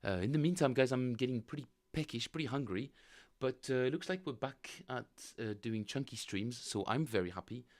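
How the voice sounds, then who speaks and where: A man chatting casually with viewers while streaming his bass practice, rambling and thinking aloud. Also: animated, brisk, hardly any pauses, no room sound. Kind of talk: casual livestream chat.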